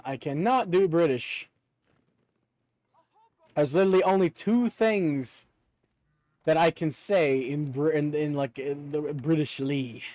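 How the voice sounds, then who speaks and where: A man's voice: on the high side, slow, pauses often, a little mellow, dry recording. A male streamer chatting casually and joking with his viewers while playing a game, laughing often. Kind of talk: casual gameplay chat.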